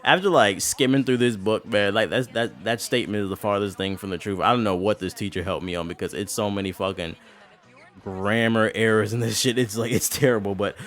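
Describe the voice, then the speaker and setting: A man's voice: fairly quick, fairly bright tone. A man hosting a casual gameplay vlog, cursing freely, laughing often and reading aloud from an old childhood book. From St. Louis. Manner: profane, laughs often, sings the show's theme high. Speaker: gaming channel host. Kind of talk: casual vulgar commentary over gameplay.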